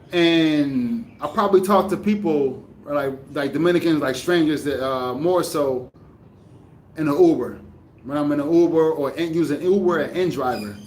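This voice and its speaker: A man's voice: a little high, a little hiss or hum. A man in a casual vlog, reflecting to camera with many fillers and restarts; he is from the United States. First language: English. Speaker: vlogger.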